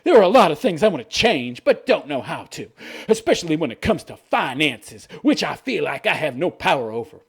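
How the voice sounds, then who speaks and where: A man voicing a whiny, entitled young stay-at-home mother in a mocking high-pitched whine. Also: big pitch swings, a little fast, creaky, slightly rough, full character voice.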